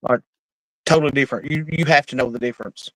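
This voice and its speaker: A middle-aged woman telling stories in casual chat, animated and laughing, with plenty of cursing. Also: rumbling low, quick pace, dry recording, low-quality recording. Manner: animated, laughing, profane storyteller.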